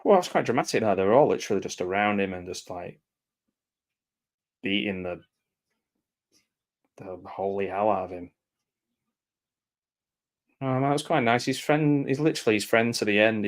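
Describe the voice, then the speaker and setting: A man giving casual live commentary over a film, reacting aloud and often dropping into quiet mumbled asides. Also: lowish voice.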